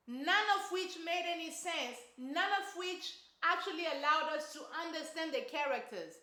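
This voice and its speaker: Woman, movie review rant, emphatic, repetitive, high voice, echoey room. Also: bright, forceful tone.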